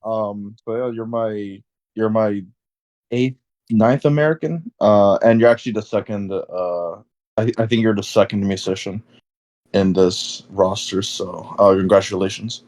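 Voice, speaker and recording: A man's voice: on the low side, a little slow, darkish tone. A young man hosting a casual podcast interview, rambling with many fillers and restarts. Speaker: podcast host.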